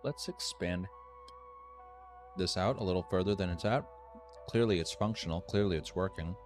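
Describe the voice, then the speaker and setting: A man teaching a live screen-share tutorial, thinking aloud in a relaxed way with ums and restarts. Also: sits low, normal speed, pauses often. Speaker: streamer teaching AI animation. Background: faint music.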